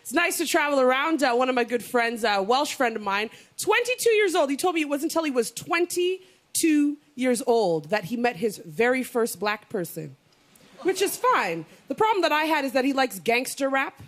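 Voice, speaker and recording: A young woman from Canada performing a stand-up comedy set, animated and punchy with quick asides. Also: high-pitched.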